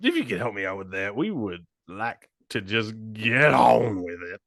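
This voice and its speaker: A man playing a slow, drawling, stoned young man calling the police. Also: on the low side, big pitch swings, creaky, a bit bright, no echo, clean studio sound, exaggerated voice. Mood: dazed.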